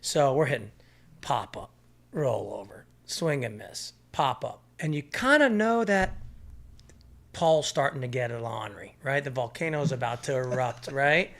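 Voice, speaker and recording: A man in his thirties telling a lively story as a podcast guest, often breaking into laughter. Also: mid-range voice, unhurried. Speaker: podcast guest, former college catcher. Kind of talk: casual storytelling chat.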